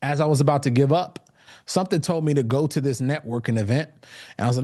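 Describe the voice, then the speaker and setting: A man's voice: mid-range voice, fast talker, warm tone. Man giving a motivational talk. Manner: storytelling with many fillers and restarts. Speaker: speaker. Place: event stage.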